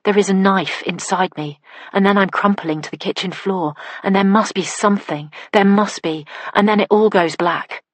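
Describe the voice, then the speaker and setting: A woman's voice: mid-range voice, moderate pace, hardly any pauses, no echo. A woman narrating a first-person psychological thriller in an intimate inner voice that sometimes drops to a whisper. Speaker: audiobook narrator.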